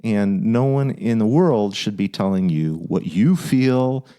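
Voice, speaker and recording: Man, low voice, podcast advice host, playful, earnest, uplifting. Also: unhurried, warm tone, clean tone. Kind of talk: casual advice podcast chat.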